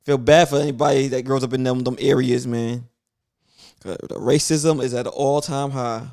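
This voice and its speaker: A man's voice: mid-range voice, fairly even intonation, moderate pace, a little mellow, dry recording, studio quality. Brooklyn man with a New York accent. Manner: loose, storytelling, slangy. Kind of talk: casual chat.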